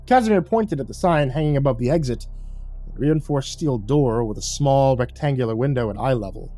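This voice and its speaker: A man narrating a horror story in a dramatic, expressive way. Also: mid-range voice, brisk, faint music behind.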